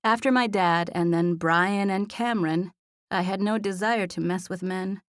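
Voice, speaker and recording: A woman's voice: mid-range voice, moderate pace, no room sound, clean studio sound. Woman narrating a romance audiobook. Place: studio.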